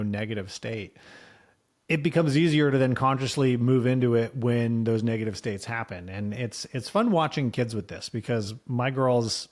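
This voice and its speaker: A man co-hosting a podcast, speaking in a casual, reflective way and thinking out loud in loose sentences. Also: mid-range voice. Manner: reflective, talks things through in loose sentences. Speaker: podcast co-host.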